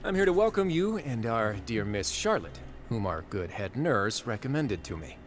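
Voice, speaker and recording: An actor playing a composed, dryly teasing male fortress warden in a video game, speaking in a measured way. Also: mid-range voice, sing-song, natural voice.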